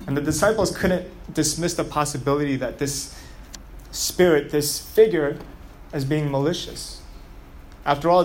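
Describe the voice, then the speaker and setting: A man preaching a sermon, telling the story in a lively way and asking the audience rhetorical questions. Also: mid-range voice, a little hiss or hum.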